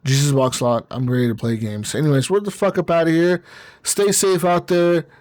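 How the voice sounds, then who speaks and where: A man's voice: on the high side, steady tone, moderate pace, a little mellow, no echo. A man hosting a casual gaming podcast, rambling, laughing often and swearing a lot. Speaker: podcast host. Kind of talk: casual chat.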